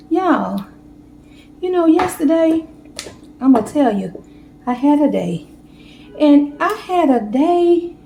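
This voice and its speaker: A woman chatting warmly to viewers as she bakes a cake in her home kitchen. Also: high voice, roomy sound, slight background noise, poor audio. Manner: chatty, heartfelt, talks straight to viewers. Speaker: home baking vlogger. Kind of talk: casual cooking demo chat.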